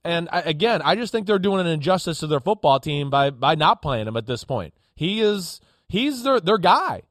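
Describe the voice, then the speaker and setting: High-voiced, emphatic football analyst man. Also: normal speed, no echo, studio quality. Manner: emphatic, animated, acts out players' reactions. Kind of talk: studio sports talk.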